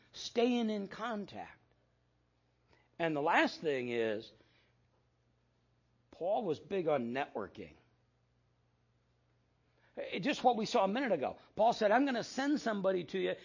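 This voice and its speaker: A man's voice: high-pitched, breathy edge, dull audio. An older man preaching a sermon as pastor, telling stories with quoted dialogue and self-deprecating asides.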